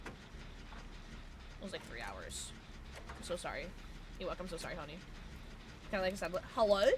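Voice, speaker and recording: A woman's voice: fairly low pitch, very animated, normal speed, background noise. A young woman streaming a game, chatting casually and giggly with her viewers. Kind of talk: casual gaming stream chat.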